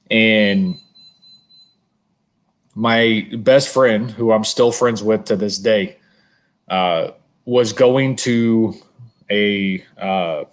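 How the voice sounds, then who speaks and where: A man co-hosting a podcast, telling a long story in casual, animated chat and swearing freely. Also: lowish voice. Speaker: podcast co-host.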